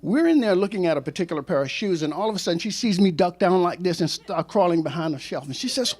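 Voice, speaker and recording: Before a live audience, a former coach and teacher in his sixties tells a true story quickly, barely pausing, in a high-pitched voice. He jokes throughout and throws in self-mocking remarks.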